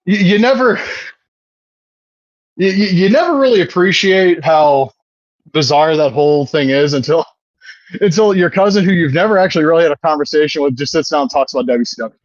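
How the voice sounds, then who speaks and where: A man's voice: a little high, a little fast, dry recording, lo-fi sound. A man in his thirties co-hosting a podcast, chatting casually, rambling and swearing, often laughing. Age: 30s. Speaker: podcast co-host. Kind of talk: casual chat.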